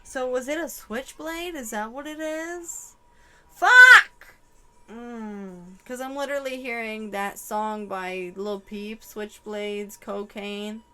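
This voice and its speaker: Young woman, tarot reader, higher voice, unhurried delivery, emotional and blunt, swears freely. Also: a little hiss or hum. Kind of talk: channeled psychic reading.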